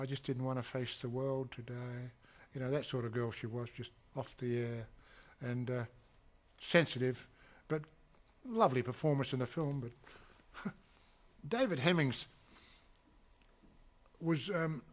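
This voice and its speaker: Bright-voiced man rambling through old stories. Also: mid-range voice. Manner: rambling storyteller with many fillers and restarts; acts out quotes with sudden loud shouts. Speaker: actor recalling a film shoot. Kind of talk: casual anecdotal reminiscence.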